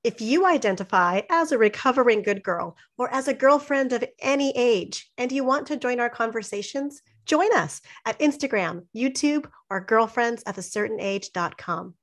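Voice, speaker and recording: A woman, co-hosting a podcast and telling her stories in a lively, emphatic casual chat. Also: on the high side, moderate pace, few pauses. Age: 50s. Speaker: podcast co-host.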